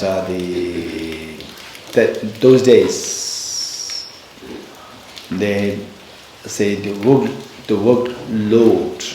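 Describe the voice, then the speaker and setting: Buddhist teacher, male, storytelling dharma talk, halting then emphatic, booming temple-hall echo, faint background hum. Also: a little mellow. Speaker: Buddhist teacher leading a retreat. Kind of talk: dharma talk with personal anecdote. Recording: very echoey hall.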